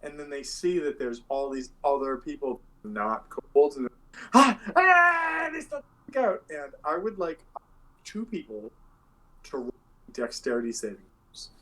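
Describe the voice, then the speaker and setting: A man's voice: mid-range voice, expressive, moderate pace, rough recording. A man narrating a tabletop game as game master, rambling and searching for words.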